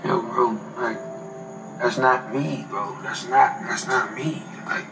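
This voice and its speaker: A man's voice: medium pitch, takes it slowly, gravelly, roomy sound, distant mic, music in the background, poor audio. A man giving a documentary interview, telling a story in casual slangy speech.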